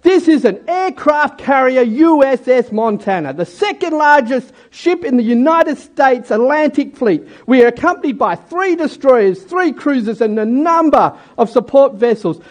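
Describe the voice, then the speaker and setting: A man retelling a story as an angry navy captain who demands that the other ship change course. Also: extremely high pitch. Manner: pompous demanding radio talk.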